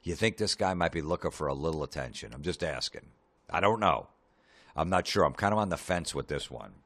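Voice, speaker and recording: A man hosting a comedy podcast, ranting sarcastically with lots of swearing and deadpan asides. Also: extremely low pitch, fairly quick.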